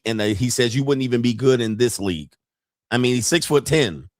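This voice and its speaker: A man's voice: medium pitch, fairly quick, no room sound, studio quality. A man hosting a casual commentary show, reacting to clips in a profane, mocking way and laughing often. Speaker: host.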